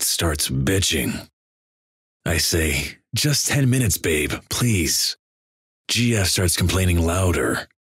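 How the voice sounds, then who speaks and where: A man reading crude internet stories aloud in a deadpan way. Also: sits low, husky, no echo, clean studio sound. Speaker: narrator.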